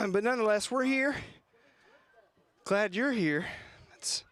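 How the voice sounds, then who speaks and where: A man doing local play-by-play of a high school soccer game, out of breath and chatty, with folksy asides. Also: slow pace, fairly bright tone. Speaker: play-by-play commentator. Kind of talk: local sports commentary. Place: press box at outdoor field.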